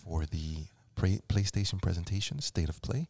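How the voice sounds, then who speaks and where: A formal male presenter, soft-spoken and measured, with a stiff announcing cadence and a low voice kept quiet, as a man puts him on. The pitch still rises and falls freely across each sentence. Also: animated, creaky, a little hiss or hum. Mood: mock-formal.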